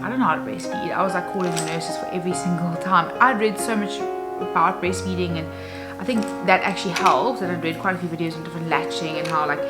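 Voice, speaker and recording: A woman's voice: on the low side, low-quality recording. A young adult woman and new mother talking candidly in a casual personal vlog, rambling with many fillers. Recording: music playing underneath.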